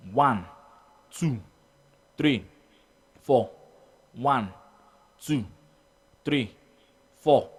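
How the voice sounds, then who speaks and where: Halting Nigerian choir teacher, male. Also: a little high, a bit bright. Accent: Nigerian English. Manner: hesitant, halting, many fillers, sings out beats. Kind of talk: informal music theory lesson.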